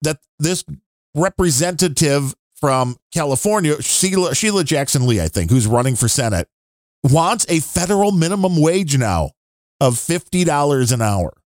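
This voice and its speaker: A man's voice: on the high side, sing-song, moderate pace, darkish tone, no echo, clean studio sound. A man co-hosting a podcast, rambling and grumbling through his opinions in casual chat. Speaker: podcast co-host.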